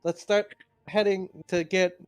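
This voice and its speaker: A man's voice: high voice, flat delivery, measured pace, clear, resonant tone, faint music behind. A man playing a tabletop game, talking casually and a bit hesitantly. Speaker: player.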